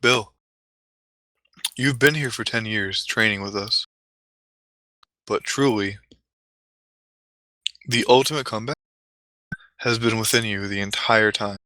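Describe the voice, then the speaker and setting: A man's voice: fairly low pitch, slow pace, pauses often, sharp tone, no echo, rough recording. A man voicing a courteous older male monk who speaks in formal, solemn phrases, close to his own voice.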